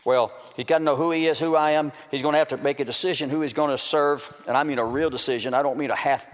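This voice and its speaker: Folksy preacher man in a big hall. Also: mid-range voice. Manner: folksy preaching, rises to loud emphatic bursts. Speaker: preacher and dog trainer. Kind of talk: sermon. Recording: long reverb of a large hall.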